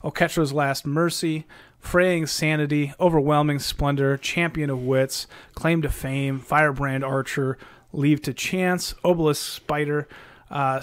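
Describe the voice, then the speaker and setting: A man's voice: on the high side, clear, resonant tone, no room sound. A man co-hosting a casual podcast, reading a list with lots of "uh" and cracking jokes. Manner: reads lists with many fillers, wisecracks. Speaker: podcast co-host. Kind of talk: casual chat.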